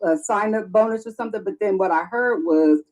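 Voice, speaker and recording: A woman in a group livestream, talking with emphasis and often chiming in to agree. Her voice is dark and mellow. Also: mid-range voice, a little fast, rough recording. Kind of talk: casual group livestream chat.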